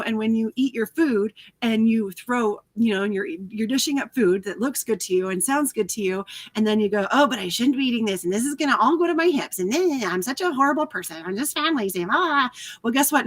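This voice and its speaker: A woman hosting a casual live stream, chatting through viewer comments in an animated, candid way, swearing freely and laughing often. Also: medium pitch. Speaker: host of a live talk stream.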